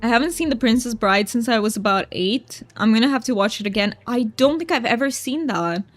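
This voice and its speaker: A woman with a slightly high, expressive voice talks briskly while streaming a cozy game, chatting casually with viewers and reading their messages aloud. The recording has no room sound and soft music behind her, and she comes across as chatty and giggly.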